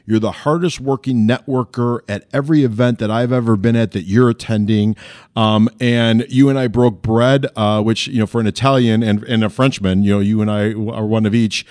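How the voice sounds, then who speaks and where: A man's voice: fairly low pitch, steady tone, normal speed, a little mellow, no room sound, studio quality. A man hosting an interview call, enthusiastic, with frequent ums and uhs. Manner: enthusiastic, uses um and uh. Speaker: host.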